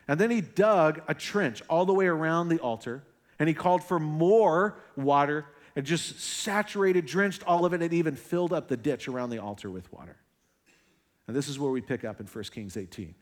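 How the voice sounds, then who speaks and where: A young man preaching a sermon, telling a story with lively sarcastic asides and dropping to hushed, intense moments. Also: fairly high pitch, brisk. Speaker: pastor.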